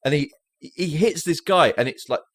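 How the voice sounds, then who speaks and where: A man co-hosting a podcast, telling film scenes with animated, casual chat. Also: a little high, no echo. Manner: animated storytelling, quick asides. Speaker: podcast co-host.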